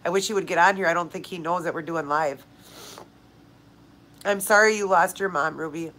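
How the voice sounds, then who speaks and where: With a lowish, slightly bright voice at normal speed, a woman hosts a casual live-stream Q&A through poor audio. She's crying, emotional and heartfelt, speaking directly to viewers by name.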